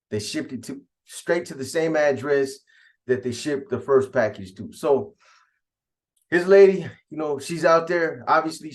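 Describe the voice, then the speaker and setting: Slangy male storyteller. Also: medium pitch. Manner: conversational, slangy, addresses the audience directly. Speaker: host. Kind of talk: casual storytelling.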